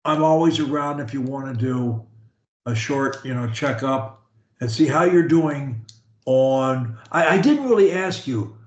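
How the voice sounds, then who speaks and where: A man's voice: medium pitch, lively intonation, a little slow, a little mellow, echoey room. A male speech coach on a call, encouraging and emphatic.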